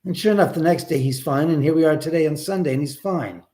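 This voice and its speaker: This host's voice is mellow and on the high side, and he talks fast. Streaming casually from his house, he rambles, swears without restraint, speaks to his dog and responds to his viewers.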